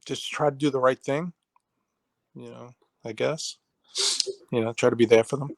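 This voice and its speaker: A man's voice: mid-range voice, steady tone, normal speed, gravelly, dry recording. A middle-aged man, a martial arts instructor, telling stories in a casual interview, acting out quoted voices and laughing easily.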